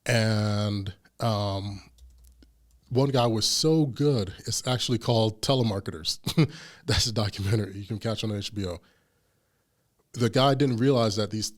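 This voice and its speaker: A man hosting a casual podcast chat, telling stories and acting out the voices of the people in them. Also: fairly low pitch. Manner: animated storyteller, acts out quoted voices. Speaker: podcast host.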